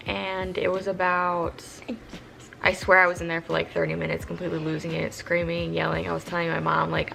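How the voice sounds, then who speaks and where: Gravelly-voiced young woman telling a story. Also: on the low side, a little fast. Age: young adult. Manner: candid, profane, animated retelling. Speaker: vlogger. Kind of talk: casual storytelling.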